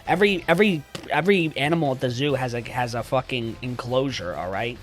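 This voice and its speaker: Livestreamer who talks casually with viewers, swears freely and rants for comic effect, with a mid pitch. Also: brisk, faint music behind. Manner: animated, profane, joking mock rants. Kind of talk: casual live-stream chat.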